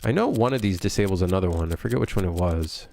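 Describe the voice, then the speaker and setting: Low-voiced man chatting on a dev stream. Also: lively intonation, gravelly, a little mellow, a little hiss or hum. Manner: loose and halting, many fillers, reads chat aloud. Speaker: game developer streaming. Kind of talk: casual livestream chat reading viewer comments.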